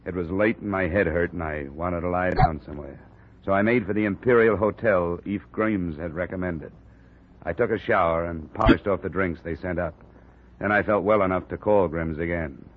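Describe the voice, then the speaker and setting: A man's voice: deep voice, moderate pace, slight background noise. A man narrating and playing a detective in a 1950s radio drama, hard-boiled and clipped. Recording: tinny old radio broadcast.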